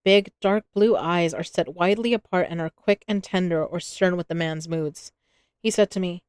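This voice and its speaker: A woman's voice: lowish voice, normal speed, a little mellow, clean tone, no room sound, studio quality. A woman streaming a novel read aloud, chatting casually between passages, swearing, laughing and talking to her pets. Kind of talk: casual reading and chat.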